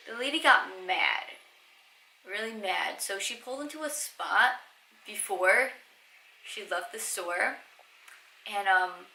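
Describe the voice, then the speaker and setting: A woman's voice: medium pitch, animated, takes it slowly, gravelly, bright, forceful tone, echoey room, slight background noise, rough recording. A woman in her twenties telling stories to camera in a casual, chatty way, swearing freely. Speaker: vlogger. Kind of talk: casual storytime.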